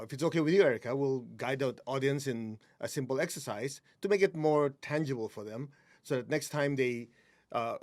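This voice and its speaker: Guest healer, male, mid-pitched, calm instructive guide with easy laughs. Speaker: energy healing teacher, guest. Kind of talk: guiding a breathing exercise.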